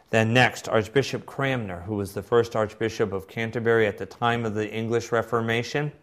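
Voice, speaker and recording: A man lecturing a class on church doctrine, explaining points and adding brief asides between quotations. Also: lowish voice.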